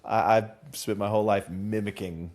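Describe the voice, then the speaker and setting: Southern guy chatting on a podcast, lowish voice, laughs a lot. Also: moderate pace. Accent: mild Southern US. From Southern US, Charlotte. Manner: animated, laughs often, slips into voices. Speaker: podcast co-host. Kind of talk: casual chat.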